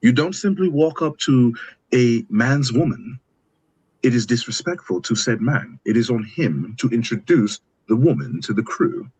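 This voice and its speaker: An animated man with an East Coast African American accent, talking on a casual panel podcast. His pitch swoops up and down as he argues his point. His voice is a little husky. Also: moderate pace, low-quality recording. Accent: African American English, East Coast. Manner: animated, slips into a mock-posh voice and high-pitched playacting. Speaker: podcast co-host.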